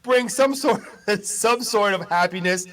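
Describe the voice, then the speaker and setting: A man bantering on a live local morning show, joking at his own expense. His voice is high and bright for a man. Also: unhurried. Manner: jokey, self-deprecating, laughs often. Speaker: news presenter.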